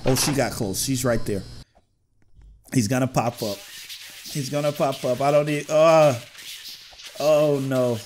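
An excitable young man talks through a game with playful, jokey commentary, breaking into shouts and sung bits. His pace is unhurried and drawn out. Upbeat game music plays clearly underneath him. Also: on the high side. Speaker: gaming YouTuber.

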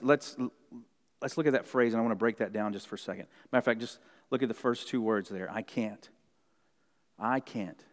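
A male pastor delivers an earnest sermon, repeating key lines so they sink in. His voice sits a little higher than most men's. It rings out with a long reverb through the church sanctuary. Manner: earnest, repeats key phrases, shifts pitch for quotes.

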